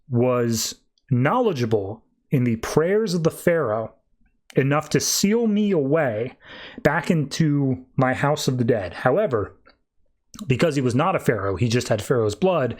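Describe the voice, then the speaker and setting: A man's voice: mid-range voice, darkish tone. Man voicing a taunting jackal god. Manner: taunting, mocking. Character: menacing jackal-headed death god, boastful.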